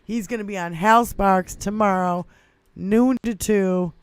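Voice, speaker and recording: High, clear-voiced man ranting and swearing. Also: measured pace, dry recording. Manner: swearing, animated, laughing a lot. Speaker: podcast co-host. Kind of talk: profane political rant.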